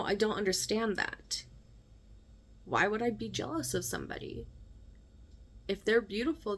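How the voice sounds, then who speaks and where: Slow, emphatic woman telling a story. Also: medium pitch, vocal fry, fairly bright tone. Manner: emphatic, conversational, checks in with "okay?" and "right?". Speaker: vlogger. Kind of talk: personal storytelling to camera.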